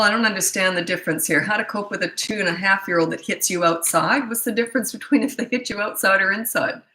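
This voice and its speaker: Blunt, bright-voiced middle-aged woman. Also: on the low side, reverberant, low-quality recording. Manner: blunt, incredulous, mocking, laughs often. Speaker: parenting coach answering viewer questions. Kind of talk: live Q&A, casual and blunt.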